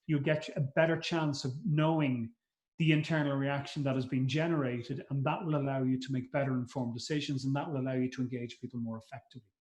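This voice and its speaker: A middle-aged male trainer with a fairly high voice, speaking conversationally to a conference audience. He repeats words as he thinks aloud and acts out short quotes. The room has a clear echo around him. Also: darkish tone. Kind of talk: live masterclass talk. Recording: roomy echo.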